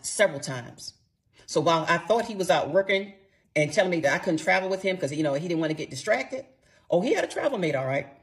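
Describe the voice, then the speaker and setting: A middle-aged woman telling a personal story in a casual monologue, emphatic and blunt, with some swearing. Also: deep voice. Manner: animated, emphatic retelling, blunt and profane.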